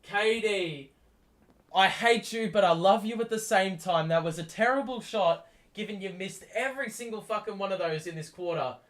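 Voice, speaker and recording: A male streamer watches basketball live with his viewers, doing quick, rough play-by-play laced with fan rants; his voice runs somewhat higher than typical for a man. He's excitable and swears a lot, talking right at the players, cursing when a play irritates him and surging whenever a shot goes in.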